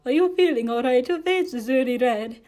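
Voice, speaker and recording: A woman's voice: high-pitched, expressive, brisk. Kind old grandpa, read by a woman. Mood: caring. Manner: gentle, caring.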